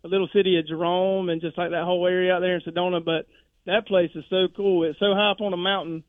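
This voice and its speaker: Male caller, higher voice, chatty storyteller, heard over a narrow phone line. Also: level tone, fast, dry recording. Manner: rambling storyteller who acts out quotes. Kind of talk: phone-in chat.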